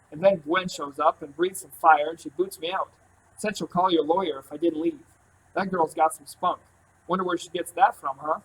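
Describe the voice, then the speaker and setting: A man voicing a pushy older uncle who rants loudly into an answering machine. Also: on the high side, a little hiss or hum, natural voice, poor audio. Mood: sneering. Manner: loud, angry, demanding.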